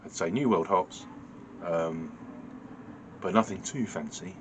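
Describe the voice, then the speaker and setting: A man with a very low voice talks through a beer review, dry and understated, stopping often to hum and search for words. A steady hiss of noise sits clearly behind him. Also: slow pace. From United Kingdom. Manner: dry, understated, musing with many fillers and self-corrections. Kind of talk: casual beer review vlog.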